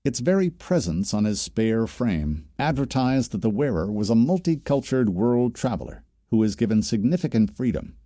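A male audiobook narrator with a low, mellow voice, reading in a steady, measured way. The sound is close and very dry. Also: dry recording. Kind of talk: scripted narration.

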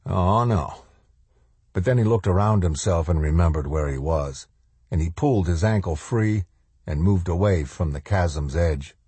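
A man narrating an audiobook in a measured, dramatic storytelling manner. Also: sits low, mellow, husky, no echo. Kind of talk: scripted narration.

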